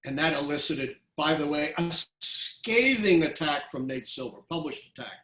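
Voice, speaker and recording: A man in his seventies from Brooklyn, a history professor giving a public lecture, telling stories in an animated, emphatic way with quick asides. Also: fairly high pitch, roomy sound, a little hiss or hum, rough recording. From Brooklyn, USA.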